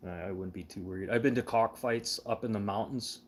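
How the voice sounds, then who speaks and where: A man's voice: lowish voice, a little fast. A man telling rambling, casual stories, swearing freely and laughing as he goes. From Canada. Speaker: show host. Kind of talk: casual storytelling chat.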